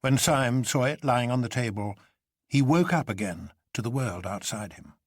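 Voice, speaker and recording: A man reading a novel aloud in scripted narration, measured and expressive. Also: medium pitch, dry recording, clean studio sound.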